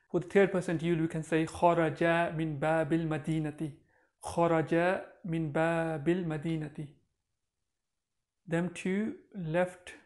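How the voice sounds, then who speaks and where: A man's voice: a little high, darkish tone. Male teacher, patient step-by-step explainer who repeats each example. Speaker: Arabic teacher. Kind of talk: grammar lesson.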